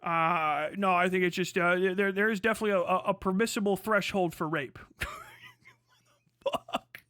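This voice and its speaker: Streamer, male, high voice, dry close sound, angry mocking rants. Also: steady tone, fairly quick, bright, forceful tone, dry recording. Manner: heated, mocking, swearing. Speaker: livestream host reacting. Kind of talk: profane livestream reaction.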